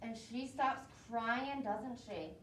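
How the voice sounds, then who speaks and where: A woman preschool teacher reading a picture book aloud to young children, asking them questions as she goes. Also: a little high. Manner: slow, expressive, asks the children questions. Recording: roomy echo, voice from a distance, faint noise.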